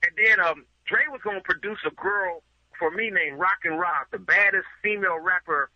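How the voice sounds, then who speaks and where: Animated high-voiced storyteller man. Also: normal speed, no echo, dull audio. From Los Angeles. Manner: vivid, swearing, acts out quotes, checks in with "right?". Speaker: music promoter, interview guest.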